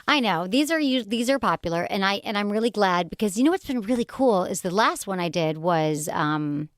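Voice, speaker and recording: A woman's voice: mid-range voice, expressive, a little fast, dry recording, studio quality. A middle-aged woman hosting a podcast, chatting in an upbeat, rambling way. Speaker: podcast host. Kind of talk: casual chat.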